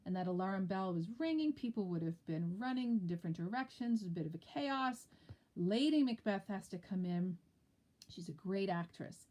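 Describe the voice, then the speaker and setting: A woman's voice: fairly low pitch, moderate pace, dark tone. A woman teacher explaining a play in a lecture, with chatty, explanatory asides. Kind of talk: lecture with read-aloud play.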